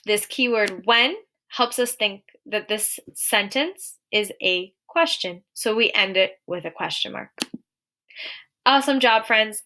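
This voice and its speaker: A young adult woman teaching a recorded lesson to young children, clear and encouraging, slowing down to read example sentences aloud. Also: mid-range voice, bright, forceful tone.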